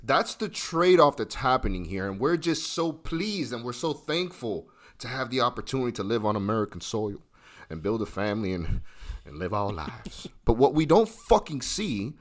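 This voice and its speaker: Animated, profane man ranting. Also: medium pitch, moderate pace. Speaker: podcast host. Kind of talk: casual podcast chat.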